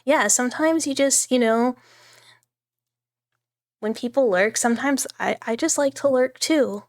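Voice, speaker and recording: A woman's voice: high-pitched, measured pace. A woman streamer chatting her way through a horror game, giggly and full of asides. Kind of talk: live horror game commentary.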